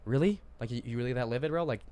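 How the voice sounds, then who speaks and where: A man's voice: medium pitch, warm tone. A young man hosting a casual podcast chat, talking emphatically and calling people dude and bro. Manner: fast, emphatic, calls listeners dude and bro. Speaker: podcast host.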